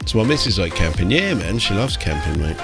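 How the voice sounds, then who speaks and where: A British man talks through a live stream in a low, rough, crackly voice. He rambles and rants, swearing freely and scattering "like" and "mate" all through his talk. Faint music plays quietly behind him. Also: very animated, a little fast. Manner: ranting, swearing, heavy use of "like" and "mate". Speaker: miniature painter and streamer. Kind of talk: casual live-stream chat.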